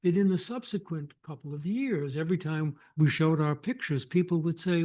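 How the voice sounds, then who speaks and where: An older man, a photographer, telling anecdotes on a lecture stage in a reflective, animated way with restarts. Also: on the high side, normal speed. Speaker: photographer guest. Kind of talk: conversational storytelling.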